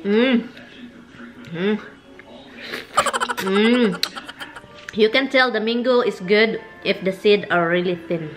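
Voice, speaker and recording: Filipino-accented woman vlogger, chatty home storyteller, mid-pitched everyday voice. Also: slow, long pauses, music in the background, poor audio. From Philippines. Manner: chatty, animated storytelling with Tagalog mixed in. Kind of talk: casual vlog chat.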